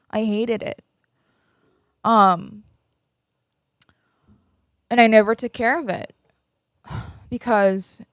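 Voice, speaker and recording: A woman in her twenties hosts a podcast, speaking candidly and emotionally about her own life. Her mid-range voice comes through in clean studio sound with no echo, as she rambles with lots of fillers.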